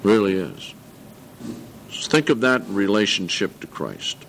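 An older man preaching a sermon to a congregation, earnest, slowing down to stress scripture and correcting himself as he goes. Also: lowish voice, sing-song, gravelly, a bit bright, a little hiss or hum. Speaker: pastor.

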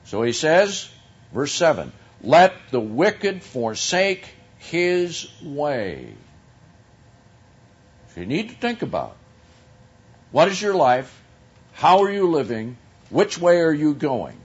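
A man preaching a sermon, teaching from scripture in a slow, deliberate way with drawn-out emphasis. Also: a little high, sing-song, dull audio.

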